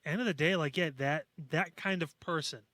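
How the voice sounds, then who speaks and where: A man's voice: fairly high pitch, normal speed, pushed and bright, dry recording. A man co-hosting a podcast in casual chat, blunt and sarcastic, with frequent swearing. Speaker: podcast co-host.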